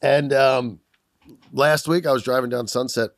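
A man's voice: mid-range voice, fairly even intonation, unhurried, no echo, studio quality. A man co-hosting a podcast, chatting in a rambling, apologetic way over a video call, swearing and laughing often. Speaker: podcast co-host. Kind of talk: casual chat. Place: Los Angeles, recording over video call.

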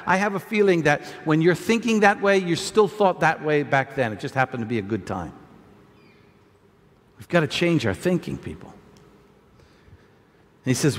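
A man preaching a sermon as a pastor, stumbling over repeated words, shouting at times and reading scripture quietly at others. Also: fairly high pitch, big pitch swings, unhurried, long pauses, big-room sound.

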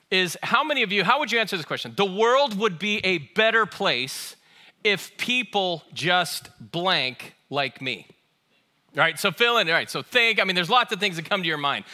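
A male pastor preaches to a live congregation and spins humorous stories in a high voice. His tone is strikingly bright and forceful, and he keeps asking the room questions and turning to speak to them directly. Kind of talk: sermon. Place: church auditorium with a live audience.

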